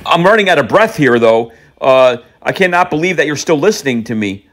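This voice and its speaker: A man making a prank phone call, rambling on with absurd lists in a deadpan, playful way. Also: a little high, a little fast. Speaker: prank caller.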